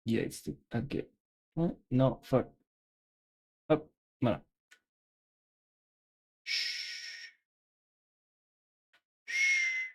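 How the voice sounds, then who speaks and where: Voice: mid-range voice, big pitch swings, unhurried, long pauses, mellow. A streamer, chatting casually and playfully on a live stream, thinking aloud and joking at their own expense.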